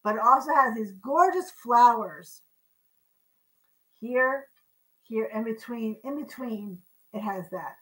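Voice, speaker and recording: A woman's voice: on the high side, lively intonation, slow pace, pauses often, rough recording. A woman hosting a live online auction in a chatty, casual way, describing items and counting down bids. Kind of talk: casual live-stream selling.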